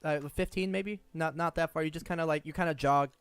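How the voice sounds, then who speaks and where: A man's voice: a little high, steady tone, a little fast, clear, resonant tone. A man running a tabletop game as game master, describing scenes in a chatty, casually profane way with many restarts.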